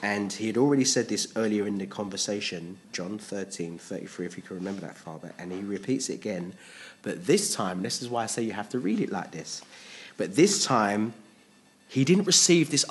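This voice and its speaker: A man preaching a sermon, animated, acting out quotes in different voices and laughing at himself. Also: fairly low pitch, moderate pace.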